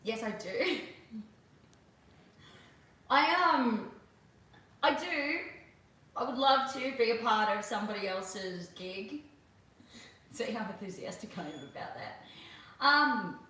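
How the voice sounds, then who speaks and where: A woman's voice: mid-range voice, pushed and bright, distant mic, slight background noise. A young Australian woman in her twenties, chatting casually on a livestream, reading out viewer questions and laughing often. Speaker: livestream host. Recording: echoey room, voice off-mic.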